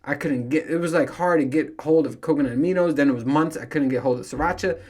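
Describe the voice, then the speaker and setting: A man's voice: on the high side, quick pace, a little mellow. Profane rambling man ranting on a podcast. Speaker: podcast host. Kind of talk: casual solo podcast rant.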